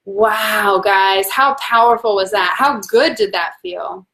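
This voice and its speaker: A woman hosting a live tarot reading, talking warmly and encouragingly to her viewers, laughing often and reading out their comments. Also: mid-range voice, slow, hardly any pauses. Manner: warm, encouraging, talks to viewers as "guys".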